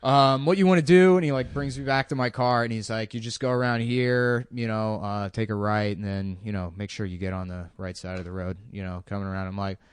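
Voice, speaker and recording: A laid-back young man telling a profane story over podcast chat. His voice is smooth and clear at an average pitch, recorded close and dry. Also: fairly quick, few pauses, dry recording. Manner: laid-back, profane, quotes others in a flat mumble. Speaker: podcast co-host.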